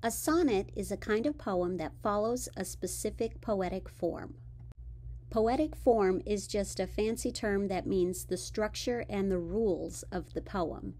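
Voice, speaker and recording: A woman teacher narrating a scripted lesson in a clear, measured, explanatory way. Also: mid-range voice, dark tone.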